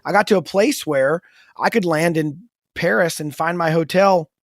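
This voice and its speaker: A man co-hosting a podcast in a casual, storytelling manner. His voice sits a bit high for a man and he tells stories with animation. The sound is dry and close, with no room around it. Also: normal speed, no room sound. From United States. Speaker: podcast co-host. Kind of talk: casual faith-based podcast chat.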